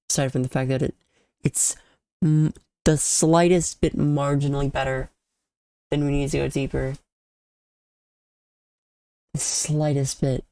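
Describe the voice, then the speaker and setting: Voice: mid-range voice, dark tone, dry recording. Congested, tired streamer rambling. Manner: rambling and halting, trails off and restarts sentences. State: sick and congested. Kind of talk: casual livestream commentary on a video game.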